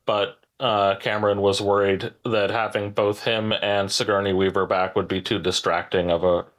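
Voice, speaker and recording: Man reading trivia questions, low voice. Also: flat delivery, fairly bright tone. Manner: measured, deliberate question reading with dry asides. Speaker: trivia quiz host.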